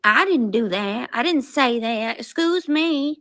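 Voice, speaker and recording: A woman's voice: mid-range voice, expressive, normal speed, sharp tone, no room sound, clean studio sound. A woman doing a cursing, ranting streamer lady. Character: foul-mouthed ranting woman streamer, defensive and petty. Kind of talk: comedic impression.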